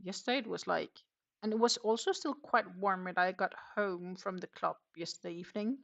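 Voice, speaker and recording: Female crochet streamer, casual rambling chat with viewers, lowish gravelly voice with a bright edge. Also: fairly quick, highs cut off. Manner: chatty, rambling, reads viewer comments aloud. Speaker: crochet livestream host.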